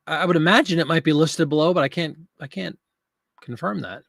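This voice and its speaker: A man's voice: fairly high pitch, fairly quick, vocal fry, fairly bright tone, dry recording, studio quality. A man in his fifties hosting a live listing stream, chatting casually, joking and talking to viewers in chat.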